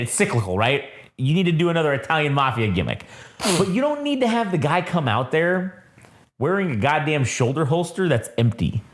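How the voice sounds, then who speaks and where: A man co-hosting a casual wrestling review, ranting emphatically and swearing a lot. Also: fairly high pitch. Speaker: podcast co-host.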